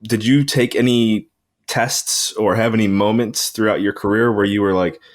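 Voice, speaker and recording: A man hosting a podcast interview, asking questions in a relaxed, conversational way. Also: fairly low pitch, moderate pace. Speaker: podcast host. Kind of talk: casual interview talk.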